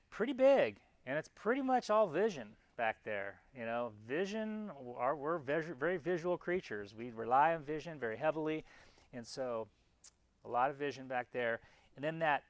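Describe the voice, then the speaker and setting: A man's voice: a little high, dry recording. A man giving a classroom anatomy lecture in a casual, chatty way, often restarting mid-phrase and pointing out parts on slides as he goes. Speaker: anatomy instructor.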